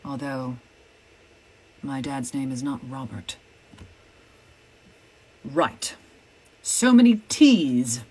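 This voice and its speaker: A woman's voice: very deep voice, very animated, very slow, pauses often, warm tone, slight background noise. A woman chatting casually on a livestream while signing items, playful and breaking into little bits of song. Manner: playful, sings and hums bits while working. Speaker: guest doing a live signing.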